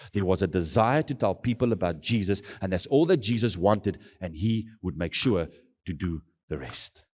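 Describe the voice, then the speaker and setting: South African man, preaching testimony, animated rising and falling pitch, mid-pitched voice, long hall reverb. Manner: dramatic storytelling with big swings in loudness, mixing in Afrikaans phrases. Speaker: missionary sharing his testimony.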